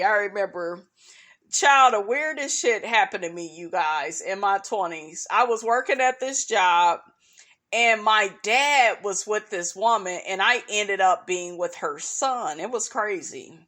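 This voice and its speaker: A woman's voice: mid-range voice, fairly bright tone. A woman chatting casually about a reality show, gossipy and blunt, laughing often and calling her listeners "honey" and "child.". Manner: blunt and profane. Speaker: reality TV commentary vlogger.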